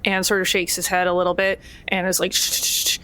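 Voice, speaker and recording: A woman's voice: fairly low pitch, monotone, fast, a bit bright, clear, resonant tone. A woman narrating scenes as game master of a tabletop game.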